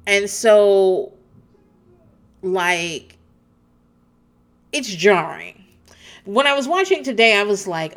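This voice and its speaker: A woman chatting casually as a commentator, animated, with her pitch jumping high when she reacts. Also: a little slow, long pauses.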